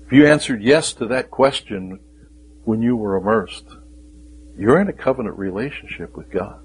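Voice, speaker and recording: Husky-voiced man preaching a sermon. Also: mid-range voice, a little mellow, rough recording. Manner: dramatic pauses, rising emphatic questions, drops to a whisper.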